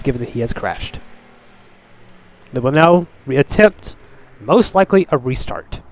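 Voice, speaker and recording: A man doing play-by-play commentary for a league race, dry between heats and excitable once racing starts. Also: medium pitch, measured pace. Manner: excitable, rises sharply when the race starts; dry and sarcastic between races.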